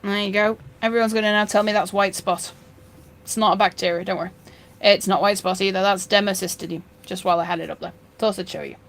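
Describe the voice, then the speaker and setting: A woman's voice: mid-range voice, fairly even intonation, fast talker, gravelly. Rambling woman chatting about fish. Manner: rambling and anecdotal, with dry jokes. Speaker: fishkeeping channel host. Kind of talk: casual chat.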